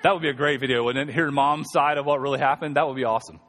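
In a church sanctuary, a male pastor preaches a sermon in a conversational, humorous way and calls on the congregation to respond. His mid-range voice is a bit bright with fairly even intonation, he speaks at a racing pace, and the large hall is audible.

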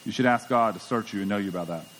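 A man's voice: on the low side, very fast, fairly bright tone, a little hiss or hum. A middle-aged man preaching a sermon as pastor, conversational and emphatic, often repeating words as he goes. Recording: long church hall reverb.

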